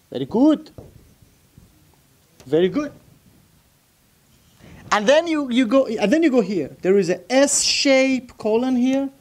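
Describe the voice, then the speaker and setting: A man's voice: extremely high pitch, a little mellow. A man teaching anatomy to a live class, asking students questions and repeating key terms while writing on the board. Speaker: anatomy instructor. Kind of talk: classroom lecture.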